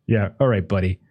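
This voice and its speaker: A man game-mastering a tabletop game talks through his thoughts with plenty of fillers, laughing a lot along the way. His lowish voice is a little mellow and slightly rough, and faint music sits behind him.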